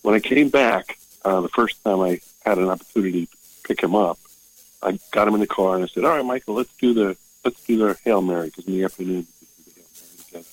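An older man calling in to a radio show, sharing an earnest, emotional testimony with halting restarts. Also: low-pitched, dry recording, rough recording. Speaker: caller. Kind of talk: call-in testimony.

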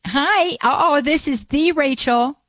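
A woman's voice: sits high, slow, a bit bright, no room sound. A woman hosting a call-in radio show, leading a spoken prayer and talking with callers in an earnest way, repeating her invocations. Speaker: radio host.

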